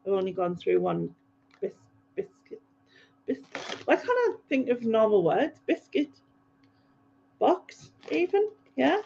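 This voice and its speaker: A woman's voice: a little high, very animated, slow, vocal fry, pauses often, darkish tone, a little hiss or hum. A woman hosting a livestream, casually rambling through viewer comments with frequent ums and laughs. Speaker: livestream host. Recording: dull lo-fi livestream audio.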